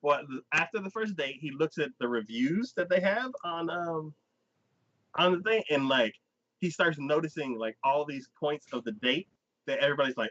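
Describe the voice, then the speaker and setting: A man hosting a casual podcast chat, recapping a story with lively energy and acting out the characters' lines. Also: fairly high pitch, normal speed. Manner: animated storyteller who acts out characters' lines in quoted voices. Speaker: podcast host. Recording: dull, dry lo-fi recording.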